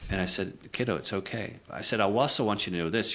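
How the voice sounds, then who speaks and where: Deep-voiced man telling a personal story. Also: quick pace. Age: middle-aged. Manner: earnest, reflective, drops quiet for emotional moments. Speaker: guest, communication coach.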